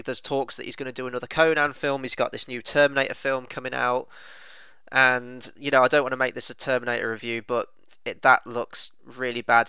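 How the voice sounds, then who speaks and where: A man's voice: mid-range voice, bright, forceful tone, clear, resonant tone, no echo. A man co-hosting a casual film review, chatting enthusiastically with plenty of "you know" fillers.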